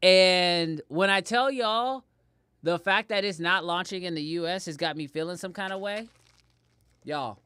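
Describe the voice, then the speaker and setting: A man hosting a casual livestream from his home editing room, talking straight to his chat, animated and repeating himself. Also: high voice, unhurried, clear, resonant tone, no room sound. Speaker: livestream host.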